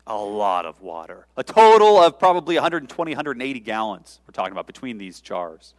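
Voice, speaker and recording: Lively, conversational male preacher. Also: medium pitch, fairly quick, few pauses. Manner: conversational, informal preaching with asides. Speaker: pastor. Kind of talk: sermon.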